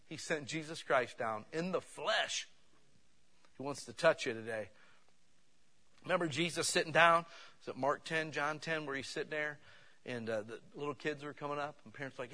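At a moderate pace and fairly high pitch, a man preaches through personal stories with lively animation. His volume swings from loud bursts down to hushed asides.

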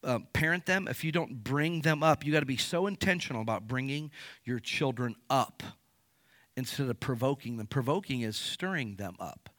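A middle-aged male pastor preaching a sermon in an animated way, with rhetorical questions and acted-out asides. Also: mid-range voice, normal speed, no echo.

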